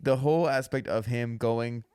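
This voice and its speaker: A young comedian chatting loosely on his podcast, medium-pitched and relaxed. He keeps drifting into slow, theatrical quotes for a laugh. His voice sits close to the mic in a dead, dry room. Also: clear, resonant tone, no echo. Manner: joking, quotes characters in slow dramatic voices. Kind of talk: casual comedic chat.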